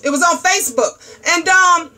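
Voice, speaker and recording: A middle-aged woman hosting a livestream talk show, ranting in a loud, profane, sassy storytelling way. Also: very high-pitched, normal speed. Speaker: host.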